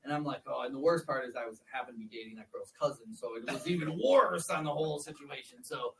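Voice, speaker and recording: Forties guy hosting a chat, rambly storyteller, mid pitch, kinda far from the mic. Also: fast. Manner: storytelling, repeats words, laughs while telling. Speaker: podcast host. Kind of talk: casual interview chat.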